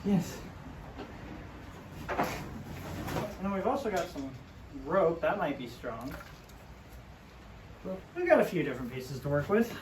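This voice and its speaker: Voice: mid-range voice, big pitch swings, takes it slowly, pauses often. A DIY host chatting casually and joking while building in a workshop, thinking aloud as they go. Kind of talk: casual workshop how-to chat. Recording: noisy workshop recording.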